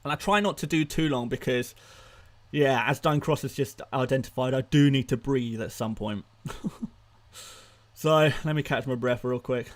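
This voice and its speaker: A man's voice: medium pitch, normal speed. A young man hosting a live stream, firing off answers to chat questions with frequent restarts and repeated words. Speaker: fantasy football streamer.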